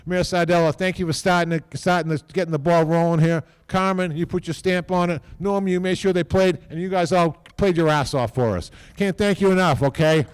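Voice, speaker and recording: A man speaking at a podium microphone during an induction ceremony, rambling informally, repeating himself and tagging lines with a quick "okay?". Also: on the high side, clear, resonant tone, no room sound. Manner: repeats words and restarts often. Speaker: team executive giving induction speech.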